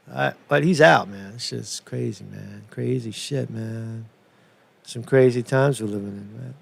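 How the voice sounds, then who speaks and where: Gravelly and medium-pitched, this host talks at a moderate pace on a dry recording. His casual commentary is heavy on profanity and repetition, punctuated by frequent "right?" check-ins.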